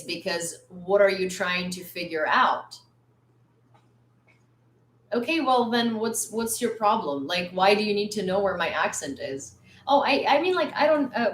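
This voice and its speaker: A woman hosts a casual livestream from a room at home. Her delivery is chatty and loose, peppered with fillers, and turns blunt and exasperated when she lectures. Her voice sits at a middle pitch and carries a noticeable roomy echo. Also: a bit bright. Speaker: livestream news host.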